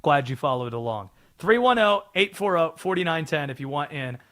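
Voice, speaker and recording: A man's voice: a little high, lively intonation, fairly quick, pushed and bright. A man from North Carolina hosting sports talk radio, chatty and wry as he explains the bit.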